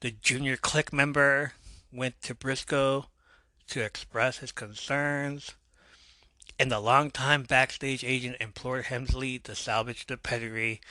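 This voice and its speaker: This is a man hosting a casual podcast, excitable and quick to joke between his read-out passages. His voice sounds sharp and bright. The sound is dry and close to the mic. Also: medium pitch, no echo. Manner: excitable, laughs and jokes, swings between reading and riffing. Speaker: podcast host.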